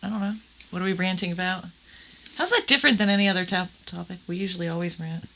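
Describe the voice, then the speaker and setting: A woman co-hosting a casual podcast, teasing and blunt with quick jokes. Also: fairly low pitch, pushed and bright, a little hiss or hum, rough recording. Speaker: podcast co-host. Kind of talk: casual chat.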